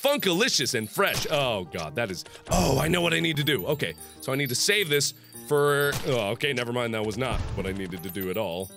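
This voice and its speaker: A man in his twenties giving excitable, punny let's-play commentary with frequent yelps and laughs. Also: medium pitch, brisk, creaky. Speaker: gaming YouTuber. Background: game music.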